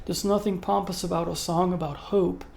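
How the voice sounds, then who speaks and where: With a gravelly, darkish mid-range voice and fairly even intonation, a music video host gives an unscripted song ranking to camera at a moderate pace. The tone is earnest and admiring, emotional about the music, with plenty of ums and uhs. A little hiss or hum is audible.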